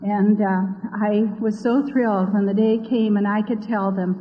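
A woman's voice: medium pitch, steady tone, unhurried, slight background noise. An older woman telling her missionary story as a personal testimony, earnest and vivid, acting out the voices of the people she quotes. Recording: dull lo-fi recording with long reverb.

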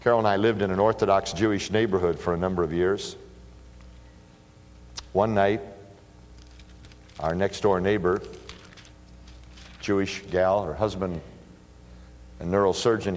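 A middle-aged man preaching a sermon, telling stories with lively bursts of emphasis. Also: deep voice. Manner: animated storytelling, bursts of emphasis. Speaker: pastor. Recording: long hall reverb.

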